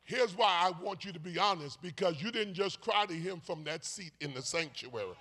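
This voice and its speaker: A man preaching a sermon in a church sanctuary, calling out to the congregation, swinging between shouts and hushed asides, with playful teasing. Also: sits high, animated, moderate pace, slight background noise. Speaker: bishop preaching.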